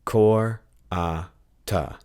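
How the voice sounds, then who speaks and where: A man voicing an excitable, curious young woman in an audiobook. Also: sits low, moderate pace. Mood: eager. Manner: eager, rising excitement.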